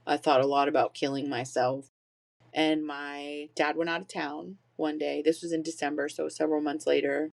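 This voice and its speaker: A woman's voice: deep voice, level tone, normal speed, creaky. A woman in her forties, a podcast guest telling her own story openly, swearing freely and laughing through painful memories. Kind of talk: personal storytelling.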